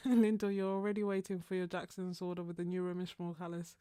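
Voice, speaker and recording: A woman's voice: on the low side, little pitch movement, fairly quick, mellow, clean tone, no room sound, clean studio sound. Chatty woman painting on a live stream. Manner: chatty, laughs often, greets viewers by name. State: slightly husky throat, clearing it. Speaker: art YouTuber hosting a live painting stream. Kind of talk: casual chat while painting.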